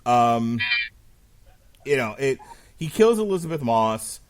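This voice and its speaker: Male podcast host, mid-pitched, relaxed casual chat, steers the discussion. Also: takes it slowly. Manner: loose retelling, steers the talk, swears casually.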